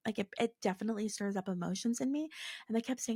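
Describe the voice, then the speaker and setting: Chatty woman with a gravelly edge. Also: fairly high pitch, quick pace, warm tone, no room sound, clean studio sound. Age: 40s. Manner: chatty, many "like" fillers. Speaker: podcast host. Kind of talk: casual solo podcast storytelling.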